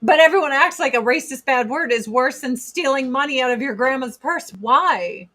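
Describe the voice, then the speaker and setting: A woman's voice: high voice, expressive, moderate pace, bright, forceful tone. Female host, 40s, blunt and rambling, swears freely, casual chat stream voice.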